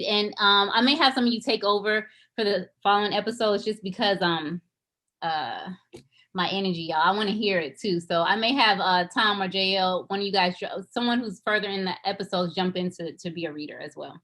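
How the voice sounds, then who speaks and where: Bright chatty young woman on a video call. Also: mid-range voice, a little fast. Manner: chatty, effusive, reads stage directions aloud. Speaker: writer and director leading a table read. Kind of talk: casual briefing and script reading on a video call.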